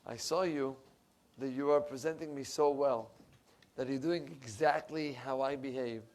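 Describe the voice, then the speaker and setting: A man voicing an elderly Hasidic rebbe who confides quietly and ruefully. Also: mid-range voice, fairly even intonation, normal speed, lightly acted. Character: elderly male Hasidic rebbe, humble, tearful.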